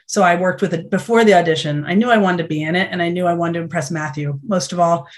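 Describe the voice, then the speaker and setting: A middle-aged actress chatting as an interview guest, telling lively stories and acting out what people said. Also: female voice, on the low side, quick pace. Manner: animated storytelling, acts out quotes. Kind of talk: casual interview chat.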